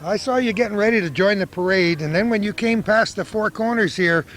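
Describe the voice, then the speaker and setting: A man's voice: sits high, a little fast, a bit bright. An older man interviewing people at an outdoor parade, asking chatty, friendly questions. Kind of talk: casual on-street interview.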